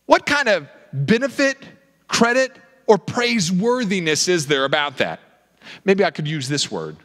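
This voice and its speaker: A male pastor preaching a sermon, animated and full of rhetorical questions. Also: sits high, unhurried. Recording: reverberant hall.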